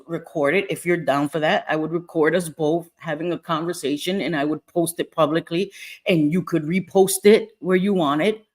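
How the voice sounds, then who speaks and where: A woman with an American accent hosting a casual livestream, answering chat messages, laughing often and swearing casually. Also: sits low. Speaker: livestream host.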